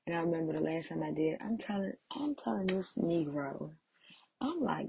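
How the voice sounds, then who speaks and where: A woman sharing a candid, confessional faith testimony as a podcast host, with a raspy, gravelly voice. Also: on the low side, lively intonation, normal speed, darkish tone, no room sound, rough recording. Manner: candid, confessional, self-deprecating. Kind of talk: faith-based personal testimony.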